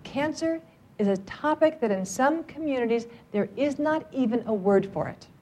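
A woman's voice: high-pitched, expressive, moderate pace, mellow. A middle-aged woman training a live audience, upbeat and joking as she coaxes them to speak up. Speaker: workplace trainer on cancer outreach.

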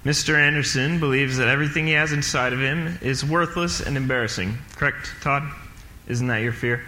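A man's voice: mid-range voice, a little fast, sharp tone, close to an everyday voice. A man doing a staged script reading as a stern, inspiring male schoolteacher who urges and commands his student. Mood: coaxing. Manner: urging, commanding. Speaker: intern reading a part. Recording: echoey hall, faint noise.

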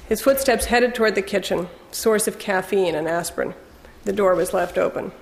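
A woman narrating a first-person novel in a wry, measured storytelling manner. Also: mid-range voice, gravelly, in a large hall. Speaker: audiobook narrator.

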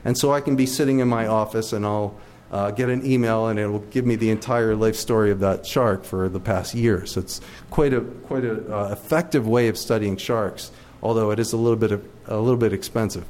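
A man's voice: on the low side, steady tone, a little fast, darkish tone, a little hiss or hum. A middle-aged man, a shark biologist, giving a friendly, enthusiastic slide lecture with many "uh"s and restarts.

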